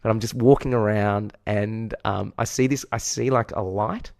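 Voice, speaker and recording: A man's voice: on the low side, steady tone, moderate pace, vocal fry, darkish tone, no echo, clean studio sound. A man with an Australian accent, co-hosting a podcast and telling a long story in a candid, profane, self-deprecating way. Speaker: podcast co-host. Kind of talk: casual chat, storytelling.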